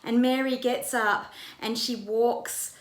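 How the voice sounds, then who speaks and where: A woman's voice: on the high side, steady tone, slow, roomy sound. A woman pastor retelling a Bible story in a conversational way, with vivid narration. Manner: vivid retelling, acts out quoted lines.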